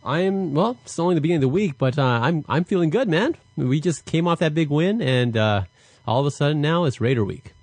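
An upbeat male co-host rambling about the week's game, full of fillers. His voice is mid-pitched and sounds dry and close. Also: lively intonation, fairly quick, a little mellow, dry recording. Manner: upbeat, talks with lots of fillers. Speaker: podcast co-host. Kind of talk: casual sports chat.

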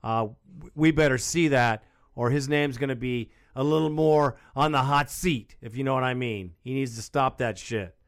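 Laid-back male radio host, smooth voice. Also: medium pitch, moderate pace, dry recording, studio quality. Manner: casual, laid-back, calls callers bro. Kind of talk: call-in show hosting.

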